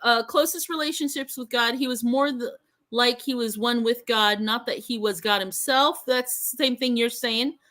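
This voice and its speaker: Easygoing female co-host, higher-pitched, teasing, reading chat comments. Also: moderate pace, bright, forceful tone. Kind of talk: casual livestream chat.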